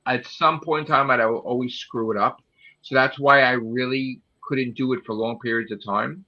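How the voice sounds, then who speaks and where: A man's voice: medium pitch, fairly even intonation, moderate pace. A man chatting casually late at night, rambling and swearing freely. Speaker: channel host. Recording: muffled phone audio.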